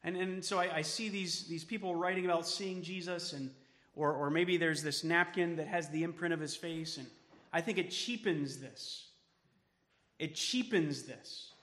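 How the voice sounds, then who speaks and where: A man preaching a sermon as pastor, emphatic, then dropping to soft tones for quoted words of comfort. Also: on the high side, moderate pace, in a large hall. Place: church sanctuary.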